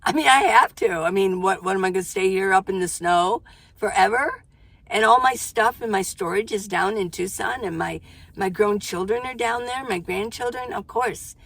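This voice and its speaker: A woman's voice: medium pitch, normal speed, creaky, a bit bright, no room sound. An older woman, a van life vlogger, talking casually to camera in a chatty, exclamatory way, often breaking off mid-sentence. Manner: chatty, self-interrupting, exclamatory. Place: inside her minivan.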